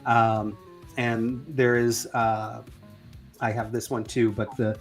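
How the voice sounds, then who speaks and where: A man's voice: mid-range voice, flat delivery, slow. A man leads a casual online discussion in an ordinary mid-range voice. He speaks hesitantly and keeps restarting his sentences with fillers. Faint music plays in the background. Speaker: debate host.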